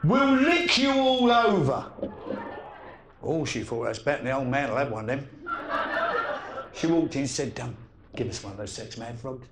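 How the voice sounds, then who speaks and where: A man's voice: medium pitch, big pitch swings, moderate pace, long pauses, noisy background. A man telling joke stories as a comedian and entertainer, acting out each voice. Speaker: comedian and singer. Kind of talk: stand-up jokes and sung ballad. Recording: echoey, loud music underneath.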